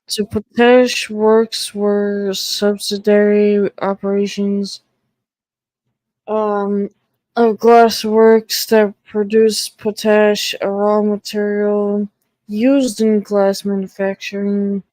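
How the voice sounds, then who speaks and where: A woman's voice: medium pitch, little pitch movement, slow pace, darkish tone, dry recording, poor audio. A woman giving casual commentary on a podcast, thinking aloud and swearing freely. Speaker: podcast reviewer.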